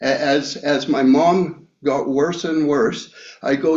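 A man preaching a sermon, reading scripture and sharing a personal story in a reflective way with many pauses and fillers. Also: on the high side, fairly even intonation, darkish tone. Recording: echoey room, slightly dull sound.

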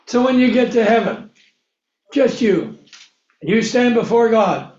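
A preacher with a high, somewhat mellow voice gives a slow, animated sermon of Bible teaching, posing questions to his listeners and answering them himself. The recording is dull and lo-fi, and his voice rings in a roomy, echoey space.

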